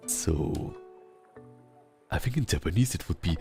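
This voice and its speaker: Very deep, slow German-accented man. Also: lively intonation, gravelly, over music. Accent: German, Southern German. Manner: slow, rumbly speech with long pauses; rolled R. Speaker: streamer. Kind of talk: casual chat while gaming.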